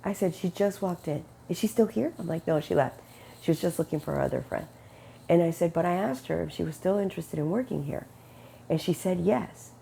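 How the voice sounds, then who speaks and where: Woman with a low gravelly voice, dark tone, chatty faith story, acts out the back-and-forth, faint hiss behind. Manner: animated storytelling, acting out quoted dialogue with quick pitch jumps; slows down and turns earnest when preaching. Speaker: Christian speaker sharing a testimony. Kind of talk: casual spoken testimony.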